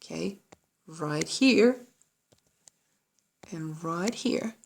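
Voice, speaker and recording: A woman's voice: on the low side, animated, extremely slow, creaky, darkish tone, slight background noise. A woman giving a patient play-along piano lesson at home, coaching with frequent "okay?" checks. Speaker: piano teacher. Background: piano playing.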